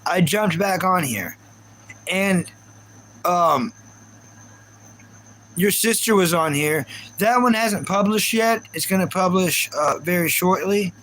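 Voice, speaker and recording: High-voiced ranting male streamer. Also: slow, pauses often, a bit bright, poor audio. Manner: ranting, repeats himself, talks to chat viewers. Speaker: livestream host. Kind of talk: casual live reaction chat.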